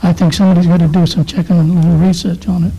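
Flat, mellow-voiced man councilor. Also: high voice, rapid-fire, husky, low-quality recording. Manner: plain-spoken, impatient to move on. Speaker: town councilor. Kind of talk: public meeting remarks.

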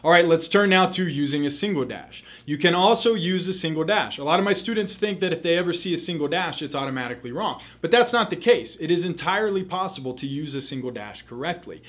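Higher-pitched man teaching grammar. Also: expressive, fast talker, hardly any pauses, a bit bright. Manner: clear, methodical, repeats key rules. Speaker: test prep tutor. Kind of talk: explaining grammar rules in a recorded lesson.

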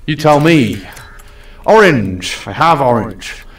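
This young male gaming streamer chats casually on a live stream, playfully bossing around the customers. His mid-range voice is sing-song and slow. He's far from the mic, in a roomy, echoing space.

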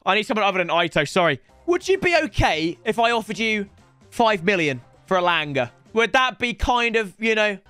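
A young man giving live video game commentary, chatty and slangy, breaking into loud excited outbursts as he talks to his viewers. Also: high voice, a little fast, clean tone, dry recording, faint music behind. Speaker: gaming YouTuber.

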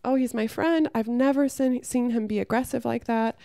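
A woman voicing a hesitant young man at a gym who tries to calm things down, speaking softly and placatingly in a raised voice. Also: a little high, moderate pace, gravelly, dry recording, clean studio sound, pitched above the performer's own voice.

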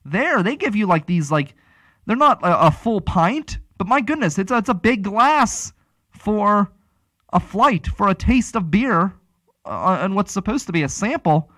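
A man's voice: high-pitched, sing-song, a little slow, pushed and bright, no room sound. A man hosting a casual talk show, rambling and chatty, with many restarts. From Pittsburgh area. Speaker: radio talk show host.

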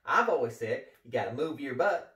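A man's voice: mid-range voice, lively intonation, brisk, pushed and bright, far from the mic. A man playing an overeager retired gym teacher who wants to become a parkour motivational speaker, talking in a pep-talk style and repeating catchphrases. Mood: hyped. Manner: pumped-up pep-talk delivery, repeating catchphrases, frequent "all right?". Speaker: comedic character monologue. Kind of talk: comedy sketch monologue. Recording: echoey room, voice from off the mic.

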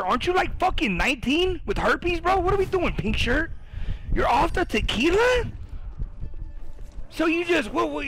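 A man commentating video game duels live on stream, excitable and profane, bantering with chat and yelling reactions. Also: extremely high pitch, gravelly, poor audio. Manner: excitable, swears a lot, yells at chat.

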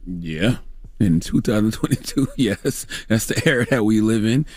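A man's voice: fairly low pitch, expressive, normal speed, darkish tone. Joking man co-hosting morning radio. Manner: joking, emphatic banter. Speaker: radio co-host. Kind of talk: casual morning radio banter. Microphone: studio microphone.

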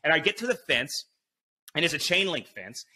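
Bright, forceful man telling a wild story. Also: on the high side, big pitch swings, moderate pace. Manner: vivid retelling that acts out his own inner voice, with frequent swearing and fillers. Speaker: podcast guest, BASE jumper. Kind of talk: animated storytelling.

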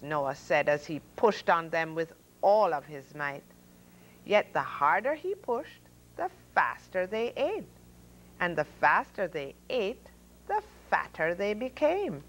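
A woman hosting a story hour, reading children's picture books aloud with expressive sound effects and voices for the animals. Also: on the low side, slow, rough recording. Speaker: storyteller host.

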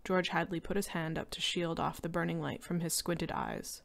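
A woman reading a short story aloud in a steady, descriptive narration. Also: fairly low pitch, normal speed, vocal fry, few pauses. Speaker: reader.

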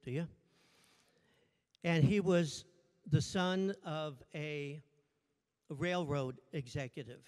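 A man's voice: on the high side, slow pace, long pauses, darkish tone. A man preaching a sermon as pastor, joking playfully with the congregation. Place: church sanctuary. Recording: long church reverb.

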